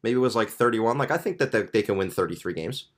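A young man co-hosting a podcast, giving his opinions in a relaxed way in casual sports talk. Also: fairly low pitch, fast. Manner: conversational, opinionated. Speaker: podcast co-host.

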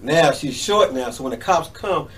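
A man's voice: a little high, lively intonation, normal speed, fairly bright tone. A man being interviewed as a comedian, talking casually, repeating himself and agreeing eagerly. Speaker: comedian guest. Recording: distant mic, faint background noise.

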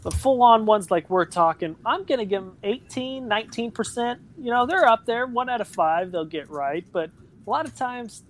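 Relaxed podcast co-host spinning scenarios. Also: mid-range voice, normal speed, a little hiss or hum. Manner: relaxed storytelling, acts out quoted lines. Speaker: guest co-host. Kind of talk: casual chat.

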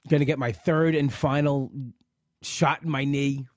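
A man's voice: medium pitch, little pitch movement, unhurried, no room sound, studio quality. A man hosting a live podcast, talking in a frustrated, rambling way and often repeating himself. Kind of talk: emotional live talk.

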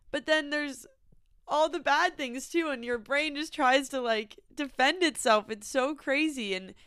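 A woman's voice: high-pitched, a little slow, a bit bright, no echo, clean studio sound. A young woman in her twenties hosting a podcast, talking in a casual, reflective monologue full of fillers. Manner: chatty, many fillers, laughs easily. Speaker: podcast host.

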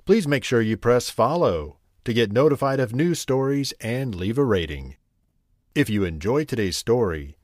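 A man reading a scripted bedtime story in a gentle, unhurried, expressive way. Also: medium pitch, dry recording, studio quality.

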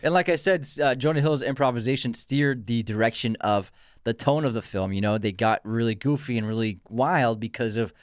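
A man co-hosting a relaxed film podcast, spinning behind-the-scenes anecdotes in easy conversation. The recording is dry and close, with little room sound. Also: mid-range voice, a little fast, dry recording. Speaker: podcast co-host. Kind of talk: casual chat about films.

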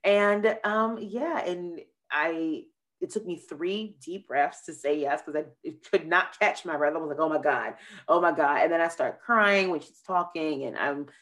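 A woman hosting a podcast, chatting casually and telling a rambling, animated story with acted-out quotes. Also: lowish voice, a little slow. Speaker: podcast host. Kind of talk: casual chat.

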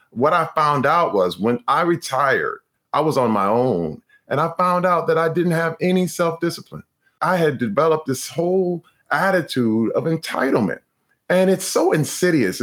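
A man being interviewed, a former pro football player telling a personal story and acting out what he said back then. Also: medium pitch. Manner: animated, acts out his own past lines.

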